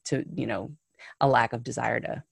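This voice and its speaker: A woman with a low voice hosts a conversational interview. Her tone is gravelly, and she thinks aloud in a reflective, searching way. The recording is close and dry. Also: fairly even intonation, normal speed, no echo.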